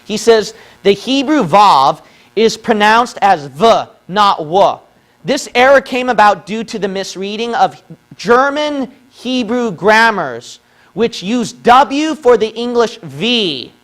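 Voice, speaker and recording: A man's voice: high-pitched, animated, slow pace, a bit bright. A man giving a lecture from a page of notes, arguing his case and checking in with "okay?" after his points, from the Philippines. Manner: argumentative, repeats points with "okay?". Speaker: religious video presenter. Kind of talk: lecture on a whiteboard.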